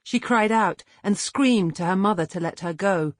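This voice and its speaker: A woman reading a dramatic novel aloud as an audiobook narrator, measured and expressive, close to the mic. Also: mid-range voice, no echo. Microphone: close studio mic.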